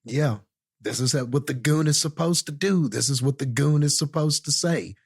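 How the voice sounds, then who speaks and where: A man's voice: a little high, moderate pace, vocal fry, breathy edge. A man co-hosting a movie review podcast, chatting conversationally and often checking in with "you know what I mean". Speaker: podcast co-host. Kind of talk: casual movie review chat.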